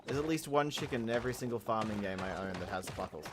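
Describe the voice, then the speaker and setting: An adult gaming host talking through a playthrough in casual let's-play commentary, rambling with restarts and swinging from mumbled asides to loud outbursts. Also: mid-range voice, animated, fast, hardly any pauses, breathy edge. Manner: chatty, rambling with fillers and restarts. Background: game music.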